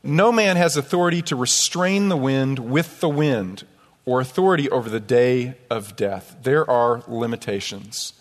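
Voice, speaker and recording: A man's voice: mid-range voice, normal speed. Emphatic male pastor preaching in a reverberant church. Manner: storytelling, emphatic, rhetorical "right?" asides. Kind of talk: sermon. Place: church sanctuary. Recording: long hall reverb.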